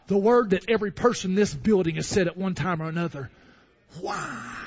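Impassioned high-voiced male preacher. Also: very animated, moderate pace, breathy edge. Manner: impassioned, swinging from hushed to shouting. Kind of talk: sermon. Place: church building. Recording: dull lo-fi sound.

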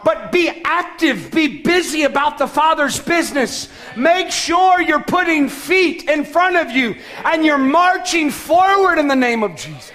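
A man preaching a sermon as pastor, emphatic, with shouted calls to action and sudden soft, low passages. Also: lively intonation, measured pace, few pauses.

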